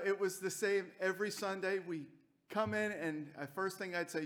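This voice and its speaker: High-voiced man telling fond stories. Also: fairly even intonation, moderate pace, a bit bright. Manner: rambling, fond storytelling with laughs. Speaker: church member giving a eulogy. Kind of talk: memorial speech with anecdotes.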